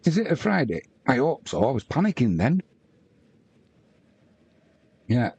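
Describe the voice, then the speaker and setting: A man's voice: mid-range voice, wildly swooping pitch, measured pace, creaky, darkish tone, breathy edge, dry recording, dull audio. A man from the UK hosting a live match watch-along, chatting casually and reading viewer comments aloud with banter. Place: at home.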